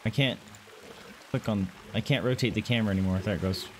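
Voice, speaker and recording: Talking quickly in a somewhat low, slightly mellow voice, a male gaming channel host narrates his zoo game playthrough, cooing at the animals in baby talk and mumbling to himself while navigating menus. Slight background noise is present.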